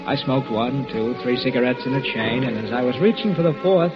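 A man narrates in the first person, in the earnest, subdued way of 1940s radio drama. His voice is mid-pitched. The recording is muffled and lo-fi, with music playing under him. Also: brisk.

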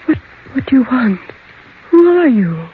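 Breathy high terrified young woman, old radio play, lo-fi muffled sound. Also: slow pace, a little hiss or hum. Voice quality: breathy, trembling. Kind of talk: 1940s radio acting. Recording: dull lo-fi old radio recording.

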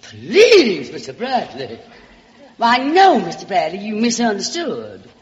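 A woman's voice: mid-range voice, huge pitch swings, slow. Theatrical Southern woman, old radio broadcast. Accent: Southern American. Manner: theatrical, drawling, coy, calls everyone darling. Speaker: comedy host. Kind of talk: comic monologue on a radio show. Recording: dull old radio broadcast in a reverberant hall.

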